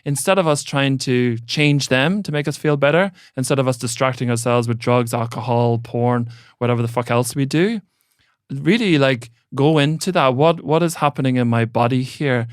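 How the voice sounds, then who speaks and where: A man's voice: medium pitch, moderate pace, clear, resonant tone, dry recording, clean studio sound. A man who works as a mentor and coach, speaking as a podcast guest in a thoughtful, grounded way with casual swearing. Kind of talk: reflective conversational talk.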